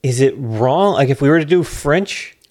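A man's voice: medium pitch, animated, moderate pace, a little mellow. A man co-hosting a comedy podcast, chatting casually and making dry, sarcastic jokes. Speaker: podcast co-host. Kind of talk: casual chat.

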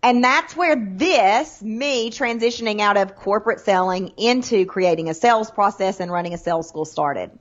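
A woman in her thirties with a Southern US accent, telling her story as an animated, dramatic interview guest. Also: medium pitch, moderate pace, hardly any pauses, muffled recording. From Southern United States. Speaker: guest, sales trainer. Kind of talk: casual interview chat.

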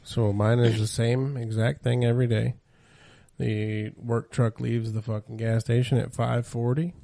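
Casting: man with a dark, mellow voice, plain profane podcast talk, dry close sound. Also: mid-range voice, little pitch movement, measured pace, vocal fry, dry recording. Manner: matter-of-fact, profane storytelling. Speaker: podcast co-host. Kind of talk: casual chat.

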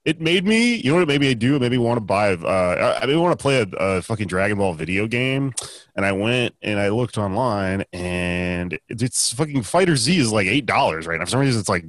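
A man's voice: fairly low pitch, lively intonation, brisk, no echo. A man co-hosting a casual podcast, rambling with restarts and casual swearing. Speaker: podcast co-host.

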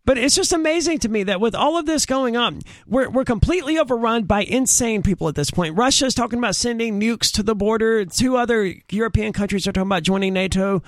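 A man's voice: high voice, fast talker, few pauses, dry recording, clean studio sound. A man co-hosting a talk radio show, ranting in an exasperated, emphatic way.

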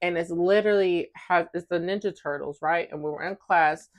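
A woman's voice: lowish voice, normal speed, dull audio. Brash, profane young woman podcast host. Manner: brash, profane, flares into loud bursts. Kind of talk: casual chat.

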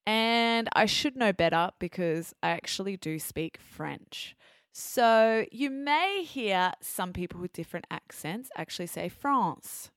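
A woman's voice: mid-range voice, lively intonation, a little slow, smooth, dry recording, clean studio sound. A woman with an Australian accent hosting a podcast for English learners, chatty and self-correcting as she carefully explains words. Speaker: podcast host.

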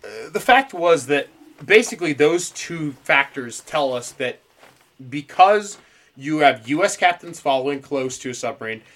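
A man's voice: fairly high pitch, unhurried. A man hosting a casual podcast, telling a story with lots of swearing and laughter. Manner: profane, laughs a lot, animated storytelling. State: dry mouth. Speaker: podcast host. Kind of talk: casual conspiracy podcast chat.

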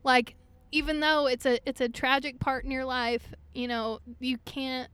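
A woman's voice: high voice, steady tone, moderate pace, fairly bright tone, clear, resonant tone, no room sound. A young woman from Oklahoma, a singer-songwriter guest, telling stories in a casual podcast chat, chatty with lots of fillers. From Oklahoma, USA. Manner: chatty, laughs often, many fillers.

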